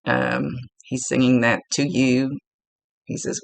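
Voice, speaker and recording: A woman's voice: extremely low pitch, little pitch movement, slow pace, vocal fry, no echo. A woman working as a psychic medium, talking through a casual one-on-one reading in a chatty, rambling way, often restarting her sentences.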